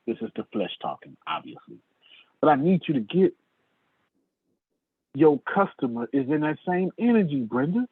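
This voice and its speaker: Preacher-style sales trainer, man, husky voice, wildly swinging pitch, phone-quality audio. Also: a little slow, long pauses, no echo. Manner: animated, preacher-like, calls on listeners by name. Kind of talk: sermon-style sales lecture. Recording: tinny dry phone-like line.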